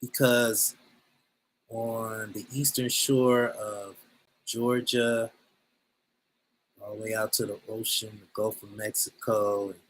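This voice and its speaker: Man, bright tense tone, animated storyteller presenting over a video call. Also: medium pitch, low-quality recording. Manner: lively storyteller, acts out quotes. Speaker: presenter, drummer. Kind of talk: animated storytelling at an info session.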